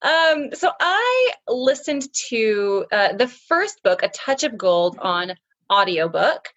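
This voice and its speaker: A woman hosting a podcast interview, friendly and animated, laughing along with her guest. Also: fairly high pitch, slow pace, lo-fi sound. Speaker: podcast host. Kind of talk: casual interview chat.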